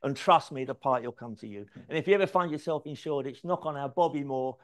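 A man tells stories from a stage to an audience, and his voice sits at a middling pitch. He is animated and anecdotal, and he acts out each exchange as he goes. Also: fast. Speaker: speaker. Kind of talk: conference talk storytelling. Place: event stage before an audience.

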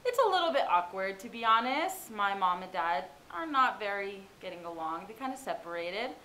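A woman's voice: mid-range voice, big pitch swings, moderate pace, sharp tone, a little hiss or hum, low-quality recording. A teenage girl performing a monologue as a student actor, in a chatty, confiding tone. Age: teens.

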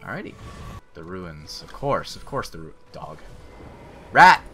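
A young man giving crude, excitable commentary while playing a video game, swinging from mutters to yells. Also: low-pitched, a little slow, soft background music. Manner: crude joking. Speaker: gaming YouTuber. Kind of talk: Let's Play commentary.

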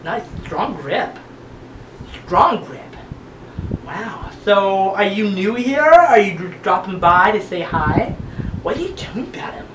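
Guy doing a flirty vain gym dude, slow and swoopy, echoey room, far off mic. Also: high-pitched, expressive, voice pushed down. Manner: smug, flirtatious, self-admiring. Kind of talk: sketch comedy audition. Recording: echoey room, far camera, background noise.

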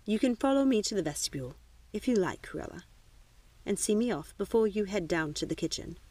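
A woman's voice: mid-range voice, expressive, brisk, dark tone, husky, no echo. A woman voicing a haughty, dismissive aristocratic mother with a clipped, imperious manner.

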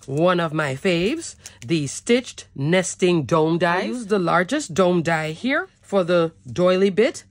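A woman's voice: on the low side, no echo, studio quality. A woman showing her handmade cards in a chatty, enthusiastic craft tutorial, often checking in with "okay?". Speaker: cardmaking demonstrator.

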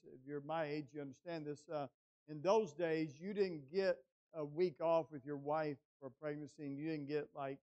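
An older male pastor in a church, his voice sitting slightly high for a man. He tells his story haltingly, with many "and, uh" restarts, then rises into emphatic preaching. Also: darkish tone, clear, resonant tone, lo-fi sound. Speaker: guest pastor. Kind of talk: sermon with personal story. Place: church sanctuary.

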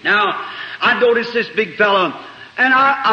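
A man with a very high, bright, sharp voice delivers an impassioned sermon, rising into shouts and dropping into soft asides. The sound is an old, dull 1960s tape with a long, roomy reverb from a large meeting hall. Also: measured pace. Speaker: preacher. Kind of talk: sermon with personal storytelling.

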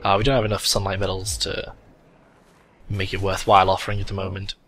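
Young male host of a game playthrough, low and forceful, sarcastic and crude, a little hoarse. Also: flat delivery, fast talker, slight background noise. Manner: sardonic, crude, swears a lot. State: voice cracking a bit. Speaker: let's play host. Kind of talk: gaming commentary.

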